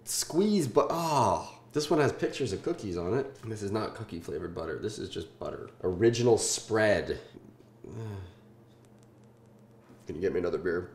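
A man in his twenties from Southern California hosting a casual food-tasting vlog, joking and swearing in deadpan asides. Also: on the low side, moderate pace, echoey room. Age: 20s.

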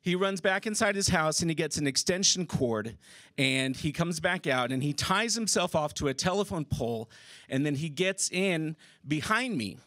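A man recounts a personal story before a theater audience. His voice sits high, and his telling is casual and animated, salted with swearing and bursts of laughter. The sound is close and dry. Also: normal speed, no echo. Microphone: stage microphone.

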